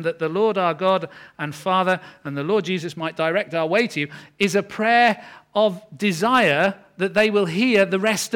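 A man preaching a sermon, earnest and explanatory, slowing down to stress key words. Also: sits high, fairly bright tone. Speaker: pastor.

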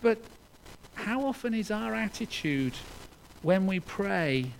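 Male preacher, high-pitched, earnest sermon delivery with loud peaks and quiet drops, stumbling restarts. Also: expressive, takes it slowly, gravelly, long pauses, slight background noise, rough recording. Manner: earnest, swinging between loud emphasis and hushed lines, with restarts.

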